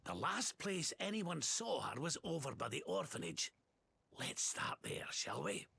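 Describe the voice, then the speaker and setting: A man voicing a kindly old male fighter in a video game, with a put-on Scottish accent and a gravelly voice. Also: fairly high pitch, big pitch swings, measured pace, pushed and bright, exaggerated voice. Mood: worried.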